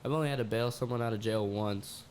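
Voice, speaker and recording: Relaxed man chatting, lowish voice. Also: quick pace, a little hiss or hum. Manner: relaxed, short agreeing replies. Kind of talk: casual chat.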